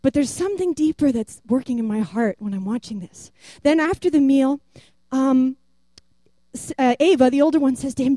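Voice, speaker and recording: Animated high-voiced woman. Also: normal speed, dry recording. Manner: animated, rambling, acts out quoted voices. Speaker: church member giving a testimony. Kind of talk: personal testimony storytelling.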